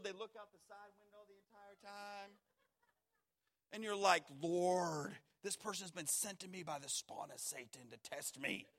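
A man preaching a sermon, swinging from hushed, slow words to loud, urgent ones. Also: high-pitched.

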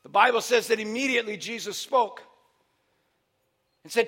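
A man preaching a sermon, moving between quiet teaching and loud, shouted preaching. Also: extremely high pitch, steady tone, moderate pace, pauses often.

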